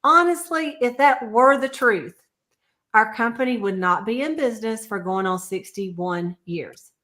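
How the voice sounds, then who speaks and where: Chatty, higher-voiced woman, casual sales talk over a video call. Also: lively intonation, a little slow, fairly bright tone. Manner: chatty, storytelling, laughs often. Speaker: sales consultant. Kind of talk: casual livestream chat.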